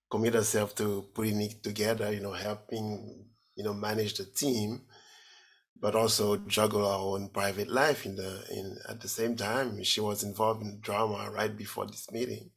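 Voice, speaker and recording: A man speaking casually in an online group, relaxed and self-deprecating. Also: on the low side, a little slow, gravelly, slightly rough. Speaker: discussion group participant.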